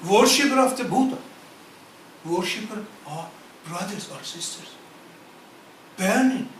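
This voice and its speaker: A man speaking to a gathering of scholars in broken English. He asks many rhetorical questions, repeats phrases, and chants quick Quranic verses in Arabic. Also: high-pitched, expressive, a bit bright, slight background noise. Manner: non-native broken English. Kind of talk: impassioned speech to an audience. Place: meeting hall at a community centre. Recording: echoey hall, voice from far off.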